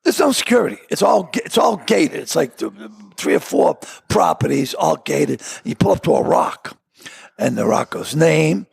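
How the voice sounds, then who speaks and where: Gravelly, raspy older man telling stories. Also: fairly high pitch, moderate pace, no room sound. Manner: rambling, excitable, bursts into loud punchlines. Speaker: comedian guest. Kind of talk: anecdotal storytelling in a chat.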